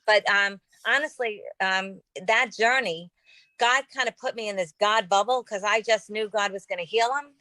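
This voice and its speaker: A woman's voice: medium pitch, moderate pace, sharp tone, no room sound, low-quality recording. A woman in her fifties, a podcast host, telling a personal story in a casual, earnest, rambling way with lots of fillers. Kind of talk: personal testimony in casual conversation.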